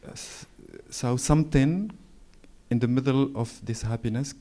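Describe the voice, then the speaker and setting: A man in his forties from Morocco with a Moroccan French accent, speaking in a halting, hesitant way and reading his own prose at a library event. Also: mid-range voice, mellow. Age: 40s. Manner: hesitant, halting, frequent fillers. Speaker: author. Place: public library event hall.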